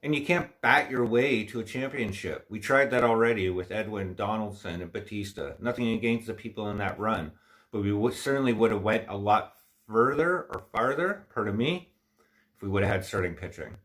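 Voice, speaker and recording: A man's voice: fairly low pitch, moderate pace, a bit bright. Rambling, opinionated man with stuffy nose. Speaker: livestream host. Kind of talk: casual livestream sports chat.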